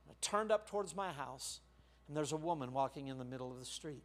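An older male pastor preaching a sermon, telling a personal story with sharp shifts between quiet and loud. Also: a little high, expressive, normal speed. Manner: storytelling, with big swings of loudness.

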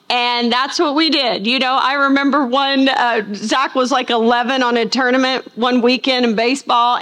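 A middle-aged woman teaching a Bible lesson, telling stories and acting out the people she quotes. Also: high voice. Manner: animated storytelling, acts out quoted voices. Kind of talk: sermon.

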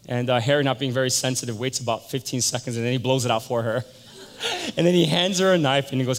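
A man's voice: mid-range voice, fairly quick. A male pastor giving a sermon, telling a story and acting out the voices of the people in it. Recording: long hall reverb.

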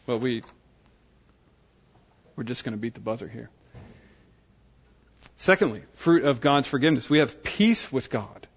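A man's voice: medium pitch, lively intonation, unhurried, pauses often, husky, muffled recording. A man preaching an earnest sermon, often asking his listeners "right?" as he goes.

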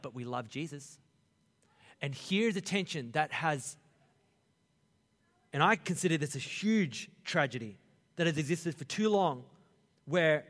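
A man preaching a sermon as pastor, animated and conversational, acting out Bible figures in a casual voice. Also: on the high side, in a large hall.

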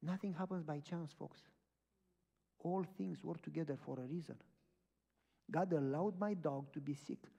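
A man's voice: a little high, measured pace, gravelly, pauses often, slightly rough. A man, a pastor, preaching a sermon with personal stories, acting out the dialogue as he tells them. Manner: animated storytelling, acting out dialogue. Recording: long reverb of a large hall.

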